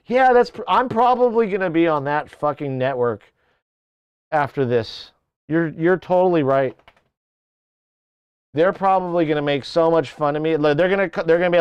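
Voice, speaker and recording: A man's voice: on the high side, moderate pace, long pauses, clear, resonant tone, no room sound, lo-fi sound. A man hosting a livestream in casual, joking chat, talking to his tracking camera. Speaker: livestream host.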